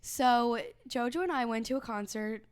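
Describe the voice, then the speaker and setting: A woman's voice: a little high, normal speed, smooth. Chatty young American woman co-host. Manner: chatty, rambling, heavy use of "like". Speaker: podcast co-host. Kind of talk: casual chat among friends.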